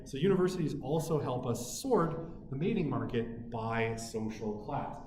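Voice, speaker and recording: Male lecturer, relaxed chatty delivery full of "you know", in a reverberant classroom with faint background hum. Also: medium pitch, normal speed. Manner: conversational, frequent "right?" and "you know" tags. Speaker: university lecturer. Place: university lecture room. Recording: echoey room with faint ambience.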